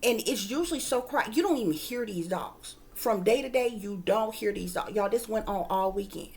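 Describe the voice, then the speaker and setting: A woman's voice: medium pitch, animated, moderate pace, darkish tone. A woman working as a psychic reader, telling her viewers a story in casual, emphatic talk, often calling them "y'all" and swearing freely.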